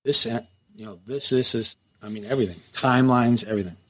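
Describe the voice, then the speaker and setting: A man's voice: medium pitch, quick pace. A middle-aged man with an ordinary mid-range voice tells stories in a casual interview. He is blunt and swears freely. He acts out other people's lines as he goes. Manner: blunt, profane, lively storyteller who acts out quotes. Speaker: guest, former prison captain.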